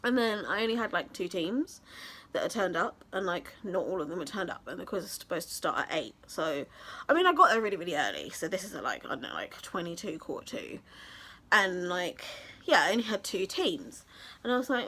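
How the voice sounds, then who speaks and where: A woman's voice: lowish voice, very animated, a little fast, fairly bright tone. A young woman from England, telling a story in a casual vlog, chatty and gushing with many fillers. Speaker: vlogger.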